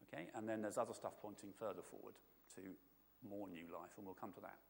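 A man preaching a relaxed, chatty sermon, his voice gravelly with a low rasp. He keeps turning to his listeners with quick asides and questions. The sound rings out with the long echo of a large hall. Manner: conversational, asks the audience often. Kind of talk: informal sermon.

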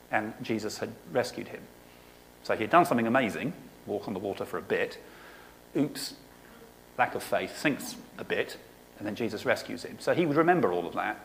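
A man giving a sermon, reading scripture aloud and explaining it in a conversational way, often pausing on "okay". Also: on the low side, slight background noise, low-quality recording. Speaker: preacher.

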